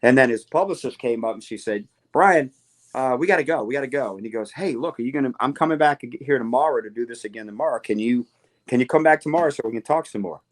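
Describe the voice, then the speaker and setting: A man guest telling a lively story in a casual interview, acting out quoted lines. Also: medium pitch, fast. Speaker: guitarist guest.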